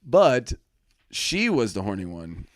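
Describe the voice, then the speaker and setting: A man co-hosting a comedy podcast, chiming in with quick jokes and banter. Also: on the low side, huge pitch swings, dry recording. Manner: quick joking interjections. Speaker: podcast co-host.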